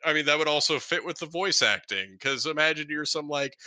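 A man co-hosting a podcast in casual chat, telling stories with animated, playful energy. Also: fairly high pitch, fairly quick, dry recording. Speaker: podcast co-host.

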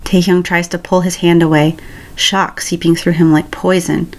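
A woman reading a romance story aloud in a calm, even storytelling voice. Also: on the low side, normal speed. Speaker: story reader. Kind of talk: reading fan fiction aloud.

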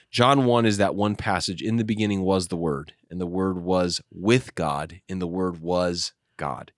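A man with a fairly low voice teaches scripture as a pastor, talking through passages in an animated way and often restarting mid-sentence. The sound is dry and close, with no room echo. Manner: explanatory, animated, with frequent restarts. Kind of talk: teaching discussion.

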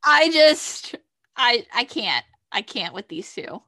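A woman co-hosting a podcast, gushing excitedly as she retells TV scenes in casual chat. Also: on the high side, slow, no echo, studio quality. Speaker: podcast co-host. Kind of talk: casual fan chat about a TV show.

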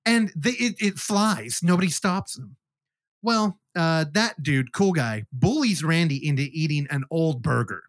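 A man's voice: a little high, animated, a little slow, no room sound, clean studio sound. A man hosting a podcast, animatedly retelling a movie in casual chat and swearing freely. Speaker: podcast host. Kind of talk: casual film review chat.

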